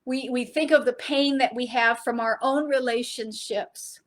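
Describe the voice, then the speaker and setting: A middle-aged woman teaches a Bible study in an earnest sermon style. Her voice sits somewhat high, and she stresses key phrases before dropping to a soft, low close. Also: steady tone, a little slow. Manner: earnest, preaching with emphatic rises and soft drops.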